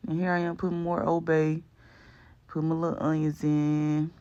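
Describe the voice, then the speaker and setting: A man's voice: on the high side, monotone, normal speed, mellow, clean tone, lo-fi sound. A man giving a chatty, slangy voice-over for his cooking video, rambling along with lots of fillers. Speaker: cooking vlog host. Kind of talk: casual voice-over narration.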